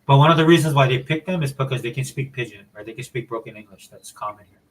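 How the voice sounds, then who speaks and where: Hawaiian-accented man, relaxed rambling podcast chat, medium pitch, light hiss behind. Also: fast, rough recording. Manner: laid-back, rambling explanations. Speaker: podcast co-host. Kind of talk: casual chat.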